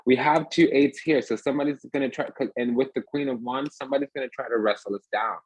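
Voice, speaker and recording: A man's voice: medium pitch, fairly even intonation, fast talker, husky, no echo, low-quality recording. A man giving a rambling, emphatic casual tarot reading, talking restlessly from card to card. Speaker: tarot reader.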